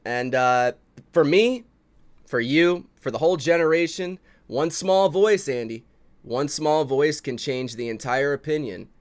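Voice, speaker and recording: A man co-hosting an underground music review stream in crude, profane banter, swinging between low mutters and sudden yelled outbursts. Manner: loud, swearing, drops to low mutters, yells outbursts. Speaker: co-host of an indie music review show.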